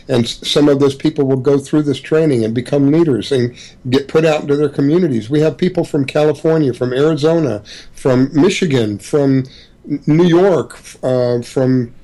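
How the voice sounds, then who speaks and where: A man speaking as a guest on a talk radio show, explaining his views calmly and earnestly. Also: fairly high pitch, low-quality recording. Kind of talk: casual talk radio chat.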